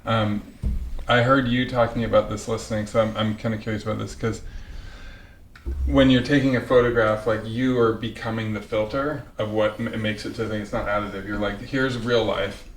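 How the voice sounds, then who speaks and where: A man hosting a podcast in a relaxed conversation. He muses aloud and often restarts his thoughts partway through. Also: on the low side, a little fast. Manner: reflective, musing, trails off and restarts mid-thought. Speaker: podcast host. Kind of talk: casual conversation. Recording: echoey room with faint background noise.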